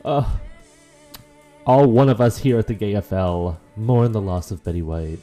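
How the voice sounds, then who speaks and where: A man's voice: fairly low pitch, expressive, measured pace, dark tone, soft background music. A man hosting a solo podcast in casual chat, rambling emotionally and swearing freely. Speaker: podcast host.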